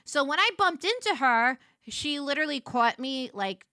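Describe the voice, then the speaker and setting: A woman streamer telling a story to her live chat, animated and quick to get loud when excited. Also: high voice, dry recording, studio quality.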